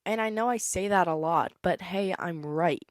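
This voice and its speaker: A woman's voice: mid-range voice, moderate pace, no echo, studio quality. A young woman, possibly a teenager, hosting a casual solo podcast, chatty and opinionated, sometimes breaking into song. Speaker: podcast host.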